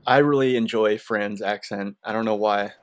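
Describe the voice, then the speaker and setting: A man's voice: on the low side, fairly even intonation, moderate pace, clear, resonant tone. Rambling young man commenting on a game. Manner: rambling, lots of filler words. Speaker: let's play commentator. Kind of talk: casual gameplay commentary.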